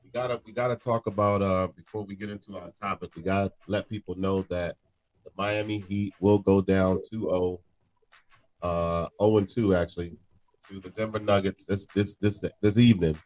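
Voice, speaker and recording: A man co-hosting a casual chat show, animated, often repeating words and laughing. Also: low voice, normal speed. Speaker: co-host.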